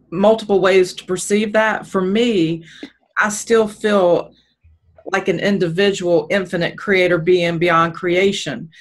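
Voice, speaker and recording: Discussion participant, slow reflective answer. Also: medium pitch. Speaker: group participant. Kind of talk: thoughtful answer in group discussion.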